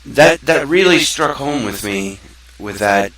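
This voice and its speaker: A man's voice: medium pitch, animated, unhurried, fairly bright tone. Earnest man talking in an echoey room. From South Mississippi, USA. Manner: earnest, rambling, conversational. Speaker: show host. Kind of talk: casual talk-show monologue. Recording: echoey room, far from the mic.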